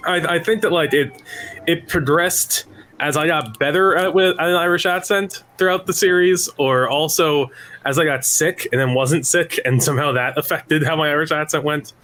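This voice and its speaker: A man's voice: fairly high pitch, normal speed, a bit bright. A man on a tabletop role-play podcast, talking casually and rambling through his thoughts with many restarts. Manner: rambling, self-interrupting, laughs often. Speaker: podcast player. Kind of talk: casual chat.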